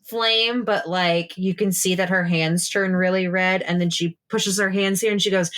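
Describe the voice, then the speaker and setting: Bright, rambling woman player. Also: on the low side, steady tone, moderate pace, few pauses. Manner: rambling, profane, laughing often. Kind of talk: casual tabletop role-play narration.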